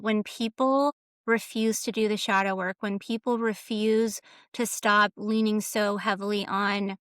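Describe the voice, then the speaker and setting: A woman's voice: medium pitch, a bit bright, clean tone, dry recording, clean studio sound. A woman talking as a guest coach on a podcast, earnest and emphatic, stacking repeated phrases as she makes her point. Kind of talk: casual podcast conversation.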